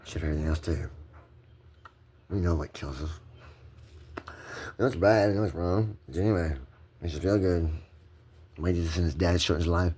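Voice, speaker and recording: A man's voice: low voice, moderate pace, pauses often, dark tone, slightly rough. A middle-aged man, emotional and shaky, rambling and repeating himself as he stumbles through a personal rant recorded on a handheld phone. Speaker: vlogger.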